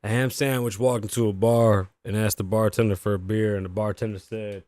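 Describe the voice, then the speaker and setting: A man's voice: lowish voice, fairly even intonation, fairly quick, a little mellow, no echo. A man hosting his own livestream podcast, talking loosely to chat and to himself, swearing often, his voice worn and shot. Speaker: podcast host. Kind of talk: casual livestream talk.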